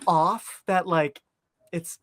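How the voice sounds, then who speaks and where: A man's voice: sits high, steady tone, very slow, fairly bright tone, a little hiss or hum. A man hosting a podcast in casual chat, chatty and often acting out film lines. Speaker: podcast host.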